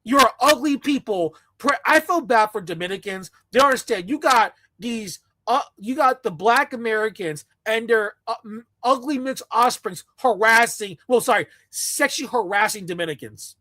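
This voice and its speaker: A woman rants in a blunt, mocking commentary, her voice bright and sharp-edged. The sound is close and dry, with no room around it. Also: fairly high pitch, animated, normal speed, dry recording. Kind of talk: ranting commentary.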